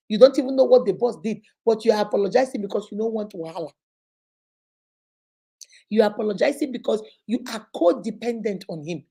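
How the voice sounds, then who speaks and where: Emphatic host, mellow and slightly high-pitched, live talk. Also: female voice, vocal fry, slightly rough. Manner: emphatic, preachy, repetitive.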